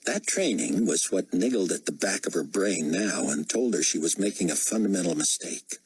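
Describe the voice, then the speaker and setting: Male audiobook narrator, deep low voice, very smooth and resonant, measured, steady. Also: no echo, low-quality recording. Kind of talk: scripted narration.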